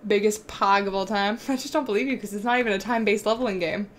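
Excitable young woman streaming a game. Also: mid-range voice, fast, a little hiss or hum. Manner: excitable, swears freely, talks back to chat. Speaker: live streamer. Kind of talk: casual live-stream chat while gaming.

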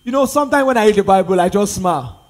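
High-pitched husky Nigerian preacher man. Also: expressive, fast. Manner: emphatic, repetitive preaching with rhetorical questions. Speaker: pastor. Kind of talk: sermon.

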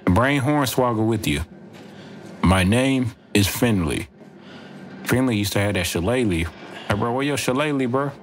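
A man's voice: mid-range voice, expressive, normal speed, slight background noise. A man casually commenting on his own gameplay, rambling and joking and saying bro constantly. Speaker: gaming streamer. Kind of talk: let's play commentary. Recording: game audio playing under voice.

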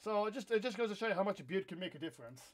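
A young man from Iowa in his twenties, hosting a live gameplay stream and chatting in a rambling way, with sudden loud outbursts when the game goes wrong. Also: sits high, expressive, rapid-fire. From Iowa, USA. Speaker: livestream host. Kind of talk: casual live gameplay chat.

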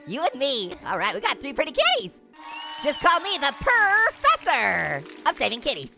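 A man voicing a wisecracking male cartoon orange who plays a game, cracking puns and giggling nonstop in a squeaky, high voice. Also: huge pitch swings, normal speed, gravelly, sharp tone, faint music behind, exaggerated voice. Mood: giddy, teasing. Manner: nonstop puns and cackling laughter. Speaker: gaming host. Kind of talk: gaming commentary.

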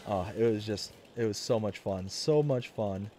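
A man's voice: on the low side, normal speed, warm tone, a little hiss or hum. Rambling man on a live stream. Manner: rambling, many fillers and restarts. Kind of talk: casual live-stream chat.

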